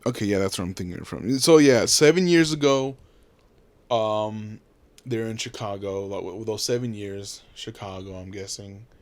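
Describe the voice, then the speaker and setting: A man's voice: lowish voice, normal speed. Rambling young man, casual podcast talk. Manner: rambling, many fillers, animated. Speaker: podcast co-host.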